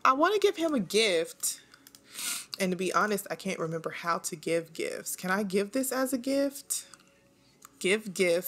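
Slow chatty woman streamer, aave, laughs a lot, talks to y'all. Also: lowish voice, fairly bright tone. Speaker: gaming channel host. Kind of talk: casual let's-play commentary.

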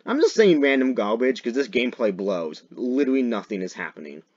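A man's voice: mid-range voice, very animated, a little fast, slightly rough, lo-fi sound. Young man doing joking game commentary. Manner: jokey, swings into loud mock-dramatic shouts. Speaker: gaming video creator. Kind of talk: gameplay commentary.

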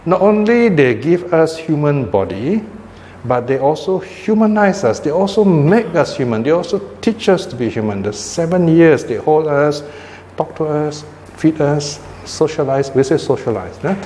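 An older man gives a relaxed Buddhist dharma talk and keeps checking in with his listeners. The voice carries a long hall reverb, and a faint hum of room ambience sits underneath. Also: on the high side, moderate pace. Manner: conversational, frequent "you know" and "right?" tags. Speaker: Buddhist teacher.

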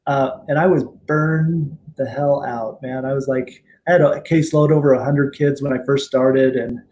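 A middle-aged man being interviewed as a guest, telling stories in a relaxed, rambling way, with many fillers and restarts. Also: mid-range voice, moderate pace, a little hiss or hum. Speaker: guest attorney and tribal judge. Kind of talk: casual interview storytelling.

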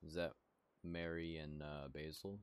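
A man's voice: extremely low pitch, level tone, unhurried, background noise. A man streaming a video game, casually commenting and mumbling item text aloud. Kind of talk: casual let's-play commentary. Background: game soundtrack.

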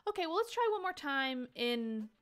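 A woman's voice: high-pitched, very animated, moderate pace, fairly bright tone. A woman hosting a casual gaming stream, reading out donations and laughing often. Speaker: stream host. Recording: faint music behind.

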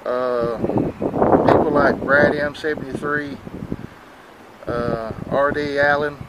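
A man's voice: fairly high pitch, steady tone, slow, very noisy. A man, talking in a rambling, worried way in a casual vlog, out of breath and with a stuffy nose, recorded outdoors on a handheld camera. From Southern United States. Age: 40s. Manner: rambling, worried, plain-spoken. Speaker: vlogger. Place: outdoors in wind.

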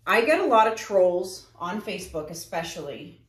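A woman's voice: lowish voice, very animated, normal speed. A woman artist talking casually to her viewers while she paints. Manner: chatty, addresses viewers directly. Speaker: acrylic pour artist. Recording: echoey room.

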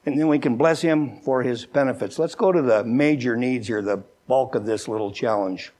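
An older man preaching a sermon as a pastor, folksy and joking, who often repeats words and slows down with a lifted voice when he reads scripture. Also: medium pitch, a little mellow. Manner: slows down and lifts his voice when reading scripture.

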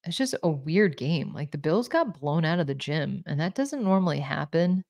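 A woman's voice: low-pitched, sing-song, moderate pace, darkish tone. A woman co-hosting a sports talk show, chatting casually and a bit self-deprecating while reading viewer questions.

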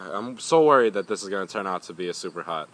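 Young male vlogger, low and bright, rambling and foul-mouthed, faint crickets outdoors. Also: lively intonation, brisk. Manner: rambling, swears often, grumbling. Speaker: pepper reviewer. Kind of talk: casual vlog talk.

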